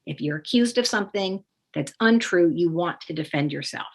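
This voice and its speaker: Calm woman teaching parenting steps. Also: lowish voice, moderate pace. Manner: calm and explanatory, acting out sample phrases. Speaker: parenting coach. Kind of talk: instructional talk with demonstrations.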